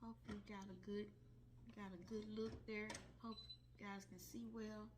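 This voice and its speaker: Reviewing a deck of cards she purchased, a woman who makes tarot videos chats to her viewers, addressing them as "guys" and hammering her points home by repeating them. She speaks at a measured pace in a medium pitch with little pitch movement, over some background noise.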